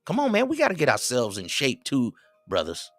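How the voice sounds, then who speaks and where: A middle-aged man, hosting a livestream and giving preachy, animated advice to his viewers. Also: mid-range voice, brisk, dry recording. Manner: preachy, animated, quotes others in raised voices. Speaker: livestream host. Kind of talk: casual advice talk to viewers.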